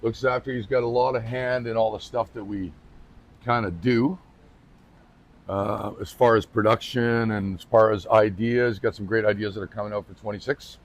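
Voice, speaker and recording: A man's voice: on the low side, fairly even intonation, normal speed. A man presenting his company in a casual on-camera talk, informal and chatty, often restarting sentences and slipping in light jokes. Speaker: company representative presenting the brand.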